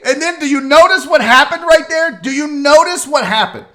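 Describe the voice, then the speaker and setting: Male comedy talk host, high, bright voice, swears freely, laughs a lot. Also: normal speed. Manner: animated, profane, laughs a lot. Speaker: sports radio host. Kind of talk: comedic commentary on a video.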